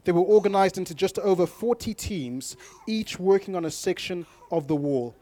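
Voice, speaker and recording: A man preaching a sermon to his congregation, moving from calm scripture reading to loud, emphatic exhortation and speaking directly to the people in front of him. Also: high-pitched, normal speed. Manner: addresses the congregation directly with audience prompts. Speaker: pastor.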